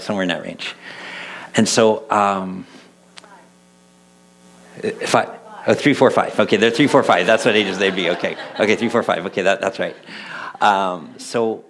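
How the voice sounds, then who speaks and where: A middle-aged man and church elder preaching a conversational sermon, telling stories with lively quoted voices. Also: on the low side, low-quality recording. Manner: animated storytelling, voicing quoted people. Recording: mains hum in the background.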